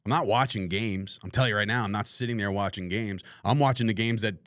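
A man's voice: on the low side, fast talker, a bit bright, no echo, clean studio sound. A middle-aged man hosting a live podcast, ranting casually about sports, exasperated and swearing freely. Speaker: podcast host.

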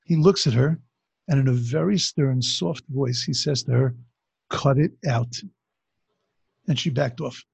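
Very husky, gravelly man teaching. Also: medium pitch, normal speed, a little mellow, no room sound. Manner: conversational storytelling with many restarts. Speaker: religious teacher. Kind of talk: Torah class talk. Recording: dull lo-fi recording.

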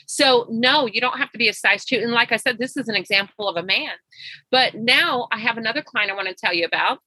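A woman's voice: fairly high pitch, a little fast, pushed and bright, slightly rough, no echo, low-quality recording. A middle-aged woman health coach telling client stories in an interview, acting out both sides of the conversations. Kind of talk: storytelling interview guest.

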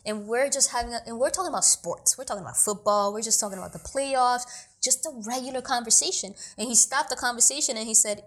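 A woman's voice: fairly high pitch, fast, a bit bright. A young woman, talking bluntly and emphatically as an interview guest. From New York City. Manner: blunt, emphatic and streetwise, with repeated "you feel me". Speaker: guest, actor and producer. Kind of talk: casual interview talk.

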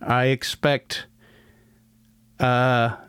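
Sardonic rambling man, smooth dry voice. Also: mid-range voice, little pitch movement, very slow, a bit bright, no room sound. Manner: rambling, many restarts, sardonic. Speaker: podcast host. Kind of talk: casual solo commentary.

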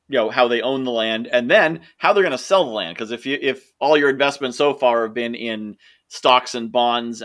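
A man's voice: mid-range voice, fairly bright tone. A man hosting an interview, asking casual questions with a few fillers. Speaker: podcast host.

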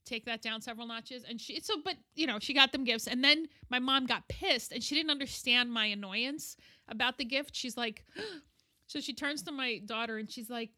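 A middle-aged woman telling a candid personal story as an interview guest, animated and acting out what others said. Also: a little high, normal speed. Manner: animated, acts out quoted voices.

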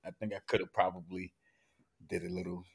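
A man with children chatting casually on a podcast, telling animated stories with many stammering restarts and laughs. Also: low-pitched, a little fast, vocal fry, husky. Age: adult with children. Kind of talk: casual chat.

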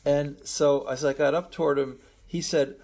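A middle-aged man speaks as an interview guest, his voice gravelly and a little husky. He tells a long personal story in a reflective, meandering way, often stopping to restart his sentences. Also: a little high, steady tone, normal speed, a little mellow. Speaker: guest, medical school professor.

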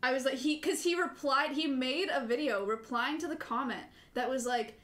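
A woman's voice: high-pitched, moderate pace, few pauses, a bit bright. A young woman co-hosting a podcast, telling rambling, self-mocking stories in casual chat. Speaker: podcast co-host.

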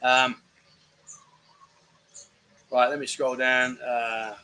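A man's voice: medium pitch, little pitch movement, very slow, sharp tone, a little hiss or hum. A middle-aged British man hosting a casual live-stream chat show, reading viewer comments in a jokey, rambling way and calling people mate.

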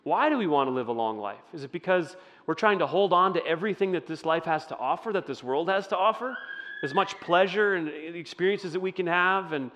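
A man's voice: sits high, lively intonation, a little fast, a bit bright, in a large hall, slight background noise. A man preaching a conversational sermon as a pastor, asking his listeners questions. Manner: conversational, asks the audience questions. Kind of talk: interactive sermon.

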